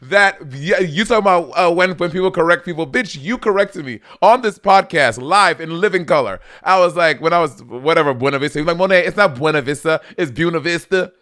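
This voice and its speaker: A man co-hosting a podcast, teasing and pushing back in animated casual banter. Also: fairly high pitch, a little fast, hardly any pauses. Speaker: podcast co-host.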